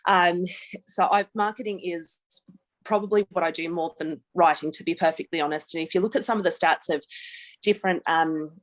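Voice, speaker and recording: A woman's voice: lowish voice, fairly quick. An Australian woman giving a chatty webinar presentation over a video call, laughing easily. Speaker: guest speaker.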